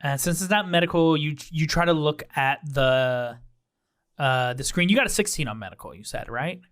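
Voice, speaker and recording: Male game master, slightly raised pitch, casual loose narration, quick to laugh. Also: expressive. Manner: laughs often, bursts into loud character voices.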